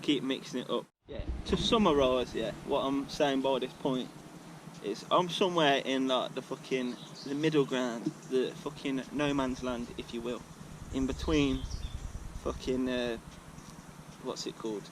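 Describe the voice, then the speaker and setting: A man's voice: mid-range voice, a little slow, noisy background. Sweary man rambling outdoors. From England. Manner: sweary, slangy, meandering. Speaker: vlogger. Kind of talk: casual rambling monologue. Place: outdoors at a regular filming spot.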